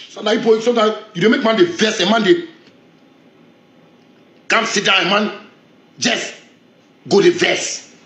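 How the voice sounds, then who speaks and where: Ranting high-voiced man with Ghanaian Pidgin. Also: fairly bright tone, echoey room. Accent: Ghanaian Pidgin English. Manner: heated, defiant, repetitive. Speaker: street figure in a viral video. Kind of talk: confrontational rant.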